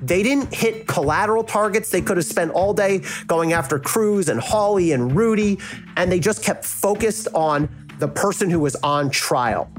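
Animated South Jersey man, lively pitch. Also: normal speed, faint music behind. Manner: frank, animated, acts out quoted reactions. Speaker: legal analyst and former prosecutor. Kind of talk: casual interview.

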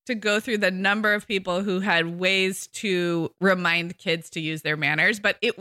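Bright-voiced chatty woman podcaster. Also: lowish voice, steady tone, moderate pace, no echo, clean studio sound. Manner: chatty, quotes kids and parents in little acted lines. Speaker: podcast co-host. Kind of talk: casual chat.

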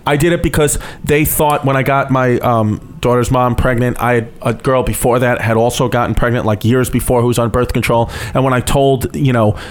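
A man's voice: medium pitch, fairly even intonation, brisk, few pauses. A man from Brooklyn in casual chat, telling loose stories with swearing and laughter.

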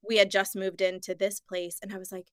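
A woman hosting a podcast in casual chat, upbeat and quick to laugh. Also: medium pitch, level tone, fairly bright tone, no room sound, clean studio sound.

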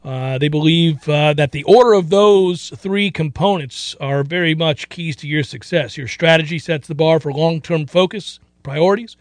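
A man's voice: a little high, moderate pace, hardly any pauses, no echo. A man hosting a sports radio show in casual, rambling chat, sometimes slipping into playful mock voices.

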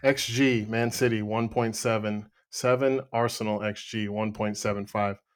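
A man's voice: lowish voice, steady tone, normal speed. A man talks bluntly on a football podcast, arguing his point with sarcasm. He swears freely and sounds fed up with his team's performance. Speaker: podcast co-host, Arsenal fan. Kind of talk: heated casual football debate.

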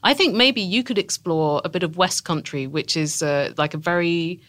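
A woman's voice: on the low side, moderate pace, fairly bright tone. A woman, a guest on a podcast, chatting in a dry, teasing way. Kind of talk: casual chat.

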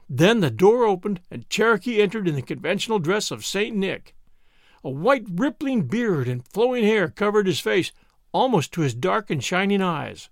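Lively, high-voiced male storyteller. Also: moderate pace, no echo, studio quality. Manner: expressive, acts out character voices. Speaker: narrator. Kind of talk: storybook narration.

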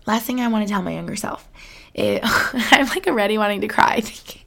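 A woman in her twenties talks to her audience in an earnest, chatty way, full of fillers and little laughs. Her voice sits at an average pitch with a gravelly vocal fry running through it. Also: lively intonation, a little fast, a bit bright. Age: 20s. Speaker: vlogger. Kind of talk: casual talk to camera.

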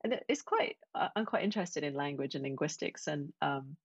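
A woman's voice: low-pitched, animated, brisk, slightly rough, no echo, lo-fi sound. A woman from England, chatting casually with many restarts and quoted asides. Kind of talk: casual chat.

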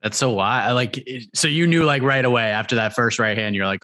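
A man hosting a casual interview, excitable and animated, often repeating his words. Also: mid-range voice, a little fast.

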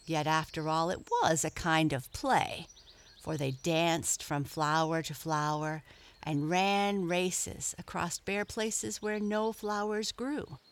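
A woman narrating a children's storybook in a gentle, storytelling manner. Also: sits low, slow.

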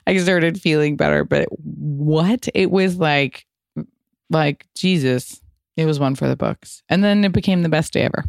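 A woman's voice: deep voice, measured pace, vocal fry, darkish tone, dry recording, studio quality. A woman in her thirties hosting a podcast, telling a story in a chatty way, full of "like" and casual swearing. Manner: chatty, frequent "like" fillers and swearing. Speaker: podcast host.

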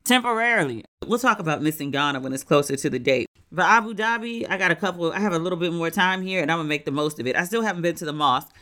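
An American voice in a casual solo travel talk, lively and candid, with a bright, forceful tone. The sound is smooth and crisp, with the occasional curse word and quick acted-out asides. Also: medium pitch. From United States. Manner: animated and candid, swears freely, acts out what people said.

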